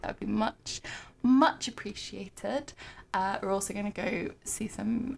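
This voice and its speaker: A woman's voice: medium pitch, unhurried, gravelly, a little hiss or hum. A young adult woman on a home livestream, chatting casually with lots of ums and restarts, then reading a nonfiction book aloud into a desk mic. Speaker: streamer. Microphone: desk microphone.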